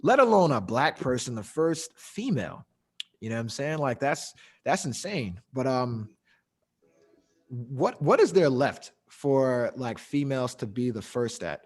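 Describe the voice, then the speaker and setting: A young man hosts a casual podcast chat. He swears freely and laughs between stories. His voice sits at an ordinary male pitch. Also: sing-song, measured pace, husky. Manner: loose, profane, laughing storyteller. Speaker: podcast host.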